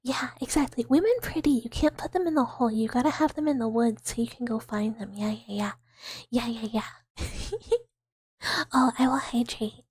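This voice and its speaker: A woman hosting a live ASMR stream, chatting playfully with viewers, giggling often and drifting between soft talk and whispers into a close microphone. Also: on the high side, moderate pace, husky, no room sound.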